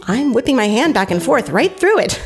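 A woman's voice: fairly high pitch, very animated, normal speed. An actress playing a female town mayor who brushes off public fears in a casual, offhand way. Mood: dismissive. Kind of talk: scripted radio drama. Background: faint guitar music.

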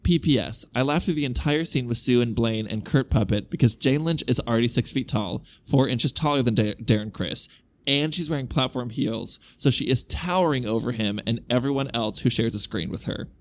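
A man's voice: mid-range voice, brisk. A man co-hosting a podcast, reading listener emails aloud and reacting with casual, wry asides. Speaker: podcast co-host.

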